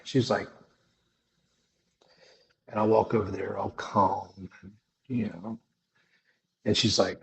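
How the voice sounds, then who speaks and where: A man's voice: lowish voice, flat delivery, takes it slowly, gravelly, pauses often. A middle-aged man telling a personal testimony in a casual, slangy, dramatic way. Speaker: storyteller sharing a testimony.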